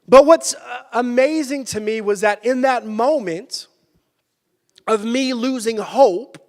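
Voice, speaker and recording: A male pastor giving a sermon, telling a personal story with lively energy and sudden shouted bursts. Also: very high voice, slow. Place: church sanctuary. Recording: church hall with long reverb.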